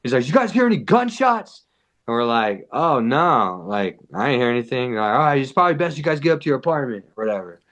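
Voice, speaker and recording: A man's voice: mid-range voice, fast, hardly any pauses, lo-fi sound. A man telling a wild story as a podcast guest, casual and profane, with "like" in almost every line. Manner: animated, profane, heavy use of "like".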